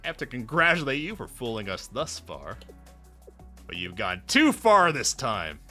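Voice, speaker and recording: A man's voice: medium pitch, wildly swooping pitch, normal speed, pushed and bright, soft background music. A man voicing a stern, scolding schoolgirl treasurer. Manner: strict, scolding. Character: stern female student council treasurer.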